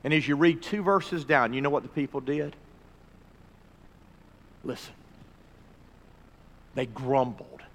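A man pastor preaching a sermon, rising to emphatic peaks and dropping to quiet, earnest pleas. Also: mid-range voice, slow, pauses often. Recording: reverberant hall recording.

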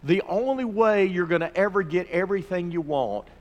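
A man pastor preaching a sermon, rising to emphatic peaks and dropping to quiet, earnest pleas. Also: high voice, lively intonation, moderate pace, highs cut off. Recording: reverberant hall recording.

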